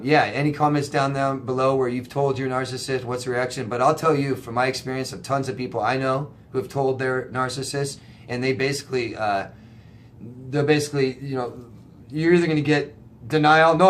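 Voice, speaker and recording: A man's voice: mid-range voice, a little hiss or hum. A man answering viewer questions as a life coach, blunt and emphatic, swearing now and then to drive a point home. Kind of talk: casual direct-to-camera advice.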